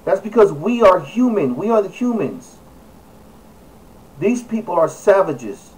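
A man talking to camera in a casual vlog, emphatic and halting, repeating his phrases and filling pauses with "uh" and "you know.". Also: high voice, sing-song, darkish tone, far from the mic, rough recording. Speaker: video blogger.

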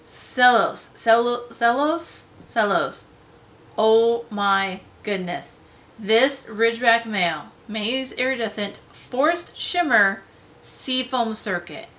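A woman reviews in an easy, chatty vlog voice, pitched a little high and sounding bright and crisp. She gushes with fillers and self-corrections, and often trails off into soft whispered asides. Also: slow pace. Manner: gushing, drifts into soft whispers. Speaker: game lair reviewer. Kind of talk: casual solo review vlog.

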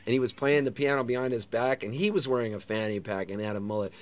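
A man's voice: medium pitch, quick pace. Middle-aged man telling stories animatedly. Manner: animated storyteller who sings and acts out other people's lines. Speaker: interview guest, touring singer-songwriter. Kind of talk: casual storytelling chat.

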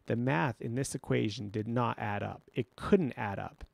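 Male novel narrator, steady storytelling, middle pitch, gravelly texture. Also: moderate pace, dry recording. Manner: steady first-person storytelling. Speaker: audiobook narrator. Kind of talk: audiobook narration.

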